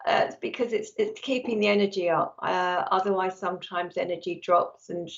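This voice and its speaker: A woman's voice: lowish voice, fairly even intonation, brisk, lo-fi sound. A woman working as a psychic medium, giving a live-streamed reading and talking nonstop in an effusive, chatty way.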